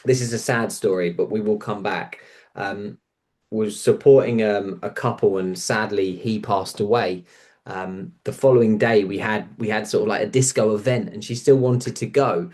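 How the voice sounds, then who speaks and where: Male podcast guest, low-pitched, earnest and reflective storyteller. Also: fairly even intonation, normal speed, a little mellow. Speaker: guest, coach. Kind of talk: reflective conversation.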